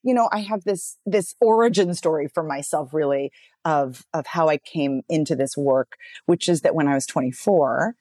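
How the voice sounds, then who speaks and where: A fairly low-voiced woman, a voice coach and author, talks easily in an interview. Her stories rise and dip in pitch with plenty of expression. The sound is close and dry. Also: moderate pace, dry recording. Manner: animated storytelling, wide pitch swings, expressive. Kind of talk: casual interview conversation.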